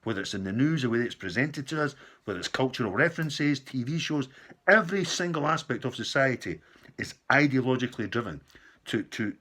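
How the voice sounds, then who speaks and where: A British man in a heated political rant, his husky voice pushed hard and tense. He swears freely and builds from low, bitter muttering up to loud, furious bursts. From United Kingdom. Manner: furious, profane and rising to outbursts. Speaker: political commentator. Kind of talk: angry political rant to camera.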